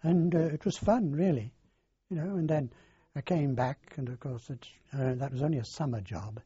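Husky old man, halting. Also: a little high, warm tone, no echo. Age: older. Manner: halting, rambling storyteller with many fillers. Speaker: interviewee. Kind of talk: oral history recollection. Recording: dull lo-fi dry recording.

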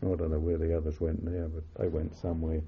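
An older man recalling wartime memories in an oral history interview, halting with many fillers and self-corrections. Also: extremely low pitch, monotone, husky. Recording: muffled phone-like lo-fi audio.

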